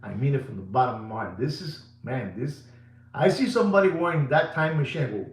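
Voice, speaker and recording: A middle-aged man hosts a live watch sales show for viewers, repeating himself and playing it up, shifting between booming and hushed delivery while dropping Spanish words into his English. He speaks briskly with lively intonation, and the recording has a roomy echo.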